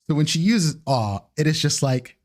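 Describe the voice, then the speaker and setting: A man acting as game master, narrating a live-streamed tabletop game in a halting, filler-heavy way. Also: fairly high pitch, expressive, darkish tone.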